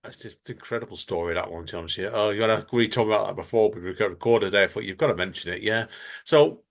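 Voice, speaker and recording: A man's voice: on the low side, fast talker, creaky. A man hosting a podcast interview, enthusiastic and effusive in his praise of his guest. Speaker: podcast host. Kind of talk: casual interview.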